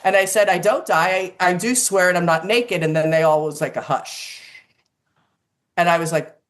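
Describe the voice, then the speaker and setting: An older woman, an actress, telling lively casual stories in an interview and acting out the quotes. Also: fairly low pitch, moderate pace. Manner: animated storyteller, acts out quotes, swears casually.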